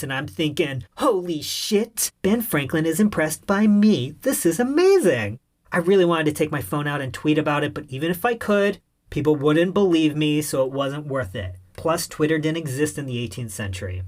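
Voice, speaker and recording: A man narrating a comic first-person story in an irreverent, wry tone. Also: fairly high pitch.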